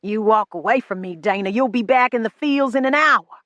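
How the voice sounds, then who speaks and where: A woman's voice: on the high side, normal speed, a bit bright, dry recording, muffled recording, voice pushed up, close to an everyday voice. A woman voicing a sickly young male slaveholder who issues threats and commands in an audiobook. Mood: threatening.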